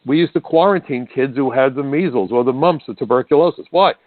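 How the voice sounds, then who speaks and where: A man's voice: mid-range voice, brisk, no room sound. An older man from the United States, hosting a talk radio show and delivering an emphatic, indignant monologue straight to the listeners. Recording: dry, phone-like narrow band.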